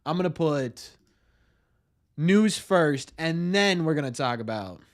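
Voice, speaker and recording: A man hosting a casual live stream, greeting viewers in chat by name and ranting excitedly. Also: a little high, slow.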